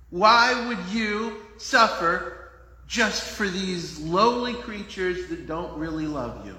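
A man preacher voicing the devil as a smooth, coaxing male tempter who flatters and wheedles. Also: fairly high pitch, echoey room, big-room sound, full character voice, poor audio.

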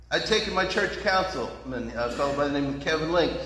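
A male pastor preaching in a folksy, conversational storytelling style. His voice sits a little high for a man. The sound carries the long ringing reverb of a large hall. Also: fairly quick, hardly any pauses, bright, forceful tone. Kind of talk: storytelling sermon.

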